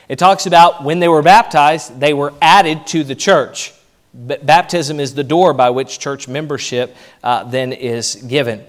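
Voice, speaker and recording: Male pastor, forceful pulpit preaching with swings in volume, voice on the higher side. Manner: emphatic preaching, rising and dropping in loudness. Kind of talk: sermon.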